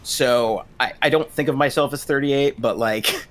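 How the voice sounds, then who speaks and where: Male therapist, 30s, bright timbre, hesitant conversational delivery. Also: mid-range voice, moderate pace. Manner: hesitant, many restarts and fillers. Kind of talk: casual discussion.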